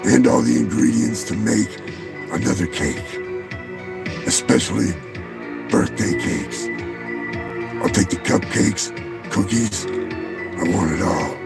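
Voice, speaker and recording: A man doing an impression of a mumbling, gravel-voiced male action star, low and husky. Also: lively intonation, slow, pauses often, over loud music, exaggerated voice.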